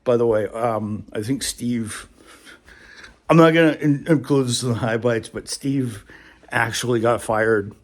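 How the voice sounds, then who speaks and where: A man's voice: mid-range voice, unhurried. A man telling a rambling workplace story in a casual vlog, laughing now and then. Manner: chatty, rambling, laughs often. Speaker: vlogger.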